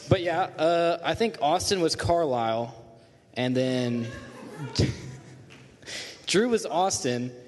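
Teen boy, slightly high voice, lively storyteller, reverberant hall. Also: extremely slow, long pauses. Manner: animated, acts out quotes. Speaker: student telling a story. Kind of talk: casual storytelling to a group.

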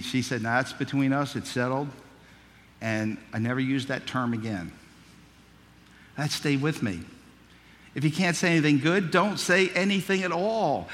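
A man's voice: medium pitch, big-room sound, slight background noise. A man preaching a sermon, telling childhood stories in a folksy, humorous way. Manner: folksy storytelling, humorous asides.

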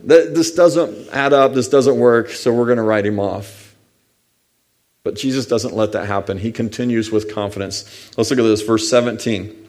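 A man's voice: mid-range voice, darkish tone. A middle-aged man preaching a sermon as a pastor, telling stories in a conversational way and reading scripture aloud.

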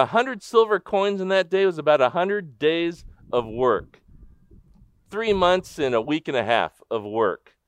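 A man preaching a sermon as pastor, animated in his storytelling and asking the congregation direct questions. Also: mid-range voice, clean tone, no echo. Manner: animated storytelling, acting out the crowd's disbelief.

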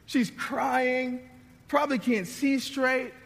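Male pastor, light high voice, chatty preaching that drops to near-whispers, echoing church hall. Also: fairly even intonation, takes it slowly, vocal fry. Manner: conversational, dramatic preaching with sudden drops to hushed tones. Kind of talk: sermon.

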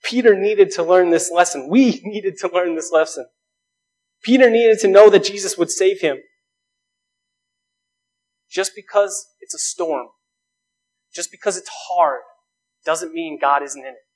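A male pastor delivering a sermon in a notably high voice. He speaks earnestly, stacking rhetorical questions and pressing his points with rising emphasis. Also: unhurried, long pauses, darkish tone, low-quality recording.

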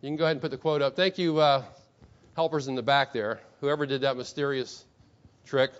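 A man's voice: mid-range voice, fairly even intonation. Man preaching, dull lo-fi recording. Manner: asks the congregation many rhetorical questions; reads quotations slowly with emphasis. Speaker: pastor. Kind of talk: sermon.

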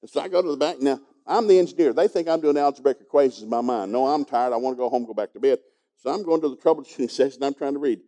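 Fast-talking man with a very dark voice. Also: medium pitch. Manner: folksy storytelling, chuckling as he goes. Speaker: pastor teaching a congregation. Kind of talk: sermon with a personal story.

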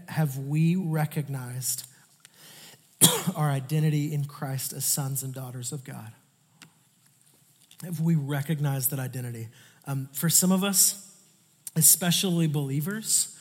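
A young man preaching a sermon in a relaxed, conversational way, often dropping to a hushed voice on tender lines. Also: on the high side. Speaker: pastor. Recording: long hall reverb.

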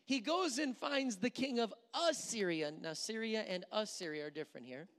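Lively preacher in an echoing sanctuary. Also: medium pitch, normal speed. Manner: animated storytelling, acting out quotes; repeats words while thinking aloud. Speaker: pastor. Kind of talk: sermon. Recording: long hall reverb.

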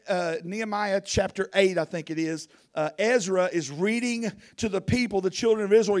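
A man preaching an informal sermon as a guest preacher, animated and rambling, often repeating himself. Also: high voice.

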